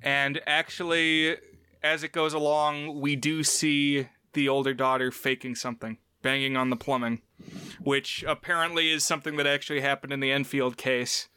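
A podcast co-host chats casually about a film he watched, animatedly retelling scenes and quoting characters in raised voices. His medium-pitched voice is clear and resonant at a moderate pace, recorded in studio quality with no echo.

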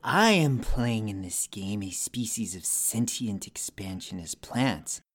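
A man voicing a creepy, sentient evil plant in a hushed, breathy delivery while recording a game confessional. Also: on the low side, lively intonation, slow pace.

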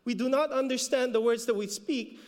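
High-voiced Filipino pastor in a reverberant hall. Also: male voice, moderate pace. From Philippines. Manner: repeats words for emphasis, rises in pitch when exhorting. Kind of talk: sermon.

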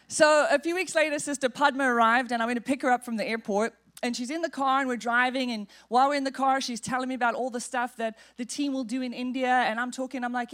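A woman pastor preaching in a church, telling a personal story in an animated, humorous way. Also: a little high, a little fast. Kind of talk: storytelling sermon. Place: church sanctuary.

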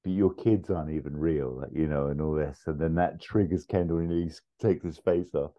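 A man co-hosting a podcast, chatting casually and retelling scenes in a rambling, animated way. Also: a bass voice, fairly quick, lo-fi sound. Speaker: podcast co-host. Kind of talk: casual chat.

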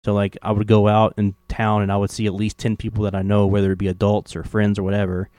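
A man's voice: fairly low pitch, completely flat delivery, fast, warm tone, no echo. Rambling man, faint southern twang. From Kentucky, US. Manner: rambling, many "like" and "you know" fillers. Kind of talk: casual conversation.

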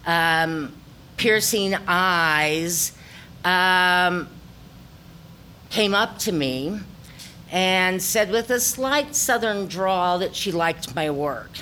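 A woman's voice: on the low side, extremely slow, sharp tone, slight background noise. Ozark-accented woman telling her story. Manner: reflective storytelling with frequent ums. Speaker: theater director. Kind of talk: personal talk to an audience.

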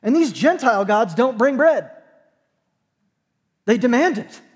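A man, a pastor, preaching a sermon in a conversational, joking way, with dramatic slow pauses. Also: very high voice, very animated, big-room sound. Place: church sanctuary.

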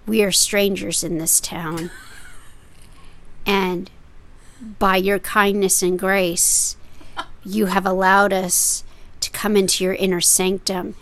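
A woman's voice: mid-range voice, little pitch movement, slow, long pauses, fairly bright tone, low-quality recording. A woman voicing a man who gives an overly flowery, grandiose speech to a seller. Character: man, picker giving flowery polite speech.

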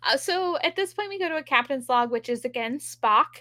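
A woman's voice: high voice, lively intonation, pushed and bright, dry recording, studio quality. A young woman chatting casually on a podcast, recapping an episode with lots of "like" and acted-out quotes. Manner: chatty, lots of "like", quick laughs, acts out quotes. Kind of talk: casual chat.

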